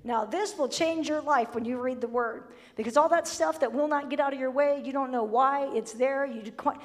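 A woman's voice: sits high, moderate pace, in a large hall. A woman pastor preaching a sermon, emphatic, blunt and humorous, sometimes acting out the voices she quotes. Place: church sanctuary.

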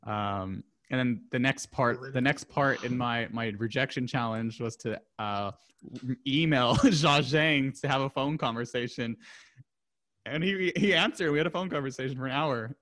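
Soft-spoken male podcast host. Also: medium pitch, moderate pace. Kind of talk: conversational interview.

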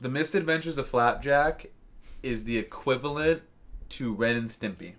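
A man in his late twenties chats casually with a friend in an ordinary middle-pitched voice. He is opinionated and profane, riffing quickly from one aside to the next. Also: a bit bright. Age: 20s. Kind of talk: casual chat.

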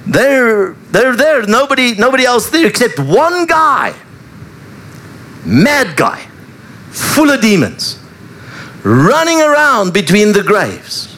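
A male pastor preaches to his congregation and tells the story with animated flair. His voice sits high for a man, and his pitch leaps up and down as he speaks. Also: measured pace. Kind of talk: sermon.

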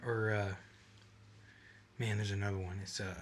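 A young man co-hosting a podcast, chatting casually and putting on quick drawled voices in his stories. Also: lowish voice, slight background noise. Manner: animated storyteller, puts on drawled voices. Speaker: podcast co-host. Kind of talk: casual chat.

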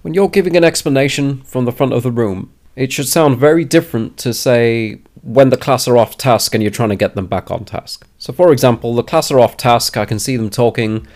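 A man's voice: mid-range voice, fairly quick, hardly any pauses, darkish tone. A man with a mid-range voice talks to camera as a teacher coaching newcomers. He is plain-spoken and emphatic, and he often restates a point in different words so that it lands. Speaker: teacher giving advice to new teachers. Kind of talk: direct advice talk to camera.

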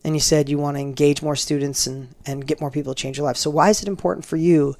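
A middle-aged man as a podcast guest, telling personal stories in a casual interview, animated and acting out quoted dialogue with frequent restarts. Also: a little high, fast talker, creaky.

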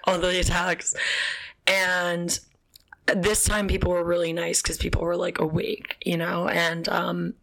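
A woman's voice: on the low side, a bit bright. A woman in her twenties telling a personal story casually to camera, chatty, with lots of fillers, nervous laughs and casual swearing. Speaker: vlogger.

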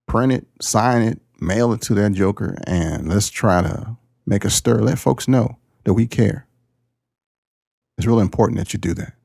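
A man hosting his podcast, a pastor talking in a casual, folksy, jokey way, with sudden jumps up in pitch. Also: moderate pace, gravelly, a little mellow, slightly rough, dry recording, studio quality. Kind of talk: casual chat.

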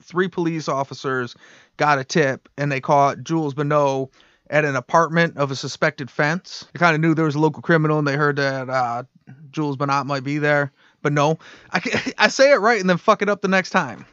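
Male storyteller, slightly high voice, rambling and profane, dull dry recording. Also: brisk, fairly bright tone, no echo. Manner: rambling, swears, laughs at own stumbles. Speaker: podcast storyteller. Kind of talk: casual storytelling chat.

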